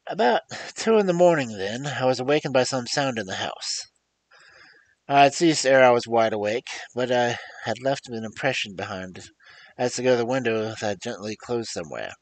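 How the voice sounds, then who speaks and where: A man reading a classic story aloud in an expressive storytelling style. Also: mid-range voice, normal speed, low-quality recording. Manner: lively expressive reading with rises and drops. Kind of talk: audiobook reading, dramatic storytelling.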